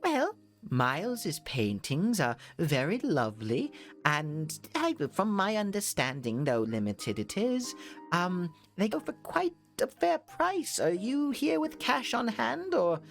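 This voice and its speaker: A man's voice: sits high, sing-song, slow, creaky, a bit bright, soft background music, pitched above the performer's own voice, heavily acted. A man voicing a kind, doting woman in her seventies, with a wobbly put-on British accent, for a tabletop game. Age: 70s figure. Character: kind, doting old woman with white hair.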